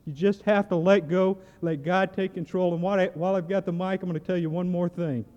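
A man's voice: high voice, fairly even intonation, a little fast, darkish tone. Earnest man giving church testimony. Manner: earnest, builds to fervent exclamations. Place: church hall. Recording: muffled church hall recording.

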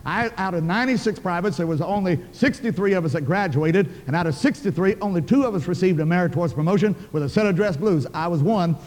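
An older man preaches in a brisk, high-pitched voice. He tells his story in a folksy, emphatic way, and his words ring out in a large, echoing hall. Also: a little mellow. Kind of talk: sermon storytelling.

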